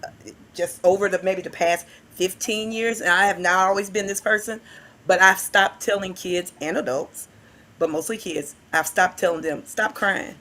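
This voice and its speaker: A woman who works with youth, telling animated stories in a casual podcast chat and acting out the voices she quotes. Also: mid-range voice, normal speed. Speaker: youth worker and guest.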